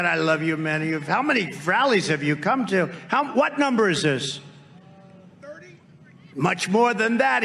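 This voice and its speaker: A man's voice: sits high, fairly bright tone, a little hiss or hum. An older man giving a rambling, repetitive rally speech in a conversational manner. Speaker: rally speaker.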